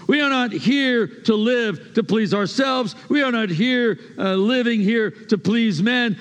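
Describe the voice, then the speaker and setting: A man with a high voice preaches a sermon, hammering his points with repeated phrases and sudden swings in loudness. Long reverb trails every line, as in a big church hall. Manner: emphatic, repeats phrases, shifts from hushed to loud.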